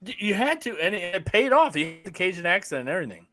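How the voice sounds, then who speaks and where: A man's voice: high-pitched, very animated, fast talker, a bit bright. A man from the United States, co-hosting a podcast, telling crude stories in casual chat and laughing often. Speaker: podcast co-host.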